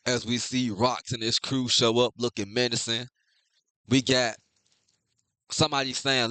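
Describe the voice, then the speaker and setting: A young man casually recapping and reacting to a comic chapter, loose and profane, reading out the dialogue flatly. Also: medium pitch, unhurried, pauses often, no echo. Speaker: manga reviewer.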